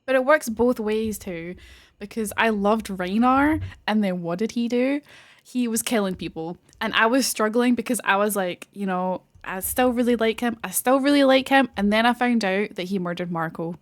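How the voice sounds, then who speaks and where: A woman's voice: medium pitch, moderate pace. A young woman streamer chatting casually, gushing and rambling with lots of fillers and the odd swear word. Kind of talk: casual chat.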